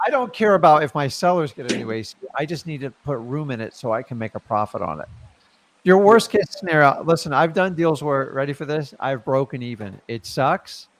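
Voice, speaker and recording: A man's voice: fairly high pitch, lively intonation, a little fast, dry recording. Emphatic man coaching, dry sound. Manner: emphatic, pushes points with bursts of loudness. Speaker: real estate investor and show host. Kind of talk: casual coaching chat.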